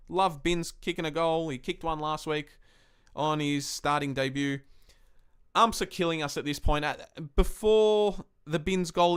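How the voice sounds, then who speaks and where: Young Aussie guy, fired-up football fan host, sweary, smooth clear voice pitched a bit high. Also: a bit bright. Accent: Australian. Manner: heated, sweary, ranting fan commentary. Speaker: podcast host. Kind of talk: casual live-stream match review.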